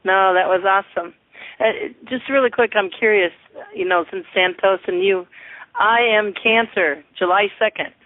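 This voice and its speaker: An older man with grandchildren, chatting eagerly and warmly as a guest on a call-in radio show. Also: sits high, moderate pace, no echo. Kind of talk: casual call-in radio chat. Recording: tinny phone-like online call audio.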